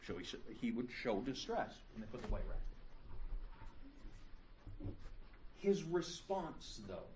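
Man teacher, lively lecture delivery with playful asides, recorded from across a reverberant room. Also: medium pitch, takes it slowly, pauses often, slight background noise. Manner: lively, joking, animated storytelling. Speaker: psychology teacher. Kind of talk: classroom lecture. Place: classroom. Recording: echoey classroom from far off.

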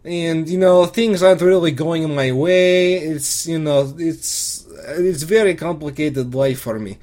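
A man with a somewhat high voice talks through a comic monologue about his day. He rambles, swears freely and keeps stopping to restart his sentences. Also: a little slow, a little mellow. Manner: crude, rambling storytelling with many restarts. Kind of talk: comedic first-person monologue.

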